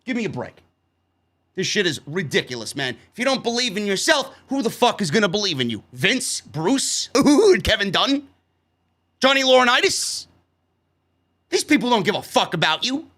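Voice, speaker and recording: A man's voice: high voice, sing-song, normal speed, bright, forceful tone. A man hosting a wrestling show review, ranting heatedly and swearing constantly as he talks through the episode.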